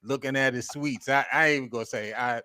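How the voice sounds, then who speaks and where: A man's voice: mid-range voice, fairly even intonation, a little fast, bright, forceful tone, smooth. Laughing man in his fifties. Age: 50s. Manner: laughing, teasing banter. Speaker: podcast co-host. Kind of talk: casual sports chat.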